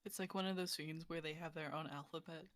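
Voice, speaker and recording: A woman's voice: deep voice, steady tone, fast talker, fairly bright tone. A woman joining a game stream, tossing in dry joking asides. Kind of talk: casual joking commentary.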